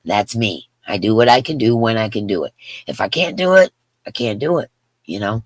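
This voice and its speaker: A woman's voice: a bass voice, animated, normal speed, no echo. A woman in her fifties hosting a craft livestream, chatting in a rambling way and reading viewer comments aloud. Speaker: crochet livestream host. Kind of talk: casual livestream chat.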